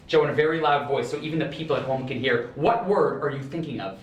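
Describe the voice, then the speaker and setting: A young man performing a magic act for a live audience, playful and showy, rising to excited shouts. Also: mid-range voice, fast, highs cut off, background noise. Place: residential building elevator lobby. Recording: echoey room, heard from a distance.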